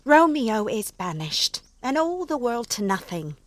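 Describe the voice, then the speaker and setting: Brief: actress as an elderly nurse, slow-spoken with a higher, lively voice. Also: female voice. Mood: weary. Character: elderly talkative female household nurse. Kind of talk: classical stage drama.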